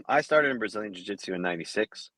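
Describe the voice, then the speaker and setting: A man, a fight judge guest, answering interview questions in a halting way full of fillers and restarts. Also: on the low side, lively intonation, fairly bright tone, dry recording. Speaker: MMA judge, podcast guest.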